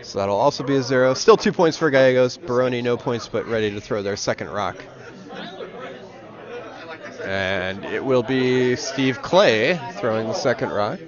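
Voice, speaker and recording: A man's voice: medium pitch, normal speed. A man giving casual, dry-humored commentary on a club curling match. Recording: dull audio with crowd behind.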